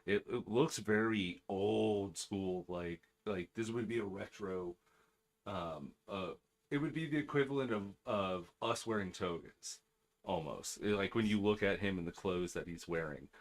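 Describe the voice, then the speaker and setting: A man running a tabletop game with a fairly low voice. He narrates in a loose, rambling way, full of "um" and "like". He talks to his players at a conversational pace. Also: unhurried. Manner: rambling, full of fillers and restarts. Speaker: game master.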